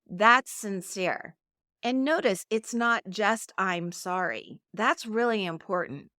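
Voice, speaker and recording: A middle-aged woman talks through her solo podcast in an earnest, coaching manner. Her voice sits at a middle pitch, and the recording is dry and close. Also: slow pace, sharp tone, no room sound. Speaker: podcast host.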